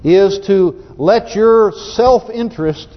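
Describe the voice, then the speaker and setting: A man's voice: high-pitched, slow pace. A man preaching a sermon in a folksy, fervent way, often restarting his sentences as he goes. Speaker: pastor. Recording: muffled recording in a reverberant hall.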